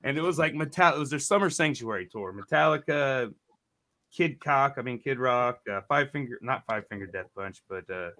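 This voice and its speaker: A man's voice: mid-range voice, moderate pace. A man in his forties telling a rambling, profane story in a casual podcast chat. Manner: rambling, profane, animated quoting. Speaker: podcast co-host.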